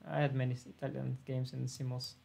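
A man's voice: mid-range voice, monotone, fast talker, creaky, warm tone. A laid-back man thinking aloud as he plays an online chess simul on a live stream. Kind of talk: live-stream commentary while playing.

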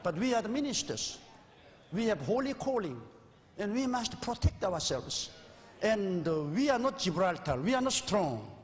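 Earnest high-voiced man in his sixties, preaching. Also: big pitch swings, normal speed. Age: 60s. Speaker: pastor. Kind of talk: sermon. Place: church sanctuary. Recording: old VHS recording with long reverb.

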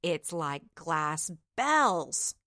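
A self-important court knight, as a woman puts him on in a storybook reading, his voice dropped low and booming. He drawls his praise slowly and grandly. The sound is dry and close. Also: expressive, fairly bright tone, dry recording. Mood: admiring. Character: pompous male knight of the court, grand and hearty.

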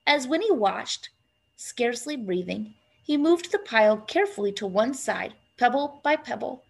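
A woman narrating a storybook aloud in an expressive, lively storytelling manner. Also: fairly high pitch, normal speed, gravelly, slightly rough. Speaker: reader.

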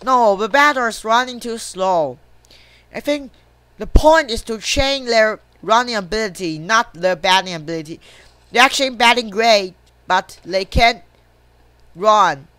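A woman commenting casually on her gameplay, cursing and griping at every missed chance. She speaks slowly in a smooth, clear voice. The sound is dry and close. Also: on the high side, animated, a bit bright, dry recording. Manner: swears often, grumbles at the game; talks to self and viewers between plays. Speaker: gamer.

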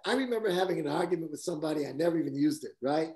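A man speaking as a guest cinematographer, telling stories casually with a lively delivery, laughing often and acting out quotes. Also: on the high side, quick pace. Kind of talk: casual anecdotal storytelling.

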